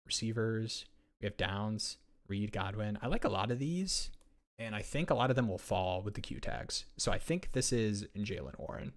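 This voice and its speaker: A young man with a lowish voice talks through a fantasy football draft on a live stream. He is excitable and rambling, and often trips over his own words and restarts his sentences. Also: normal speed. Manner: excitable, rambling, self-interrupting. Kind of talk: casual live-stream chat.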